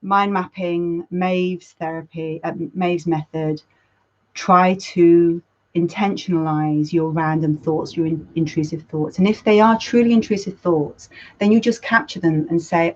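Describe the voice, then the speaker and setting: Woman, counsellor hosting a chat, loose and self-correcting, a little low, dull lo-fi audio. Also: fairly even intonation, normal speed, darkish tone. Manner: rambling, self-correcting, laughs at herself, swears casually. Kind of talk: casual talk. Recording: dull lo-fi sound.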